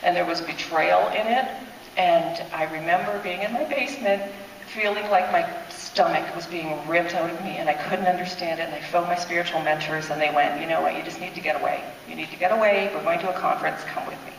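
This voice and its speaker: A woman's voice: lowish voice, fairly quick, gravelly, slight background noise. Woman sharing her faith story at church, heartfelt and breathless, distant in a big reverberant hall. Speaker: church testimony speaker. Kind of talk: personal testimony. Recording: echoey hall, speaker far from mic.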